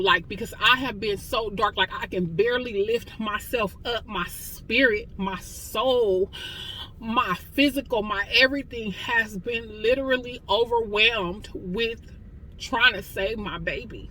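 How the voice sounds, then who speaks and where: A woman's voice: a little high, a little slow, bright, forceful tone, slight background noise, rough recording. A woman in her forties giving an impassioned personal testimony, weary and close to tears, talking straight to listeners in a conversational way. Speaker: testimony speaker.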